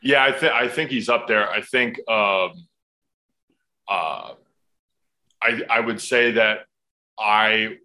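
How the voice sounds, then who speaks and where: A man's voice: lowish voice, slow pace, long pauses, pushed and bright. A football player in his thirties telling casual, profane anecdotes as a podcast guest. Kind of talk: casual storytelling.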